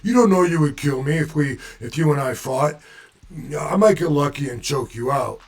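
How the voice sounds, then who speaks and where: A man voicing a cocky, muscle-bound tough guy with a Boston accent who protests in a high, whiny voice. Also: expressive, moderate pace. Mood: boastful.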